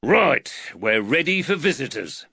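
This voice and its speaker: A man voicing a stern, protective father who speaks with calm command and dry wit. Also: mid-range voice, unhurried, creaky, breathy edge, no room sound, voice pushed up, heavily acted. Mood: steady, fatherly. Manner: calm, commanding, dryly wry.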